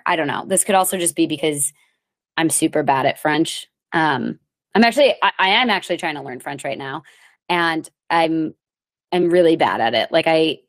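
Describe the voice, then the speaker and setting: A thirty-year-old woman and comedian hosting her podcast, chatting casually with a rambling, self-mocking manner and sudden animated bursts. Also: deep voice. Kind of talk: casual solo chat. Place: lives in New York.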